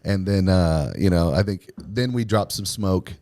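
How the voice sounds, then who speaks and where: A man's voice: sits low, a little slow, mellow, slight background noise. A man casually telling a long story with a laid-back, rambling manner and plenty of filler words.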